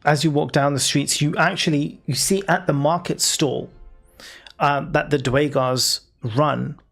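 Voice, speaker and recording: A man narrating as dungeon master in a casual tabletop game, laughing often and pausing with fillers. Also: on the high side, steady tone, gravelly, fairly bright tone, faint music behind. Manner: laid-back, laughing, lots of fillers. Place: home, live stream.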